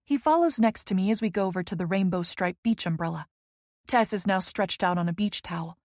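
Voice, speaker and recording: Woman narrator for a romance audiobook, expressive, mid pitch, dry close sound. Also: a little fast, dry recording.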